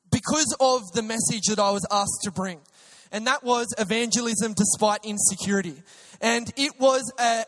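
A young man, a preacher, telling an excitable personal testimony story with many restarts. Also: very high-pitched. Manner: animated, excitable, with frequent restarts.

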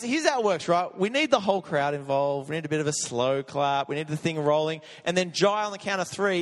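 A man preaching in a church, telling a lively story with frequent laughter. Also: sits high. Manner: energetic storytelling, laughs often. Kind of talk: sermon. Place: church hall. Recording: long echo of a church hall.

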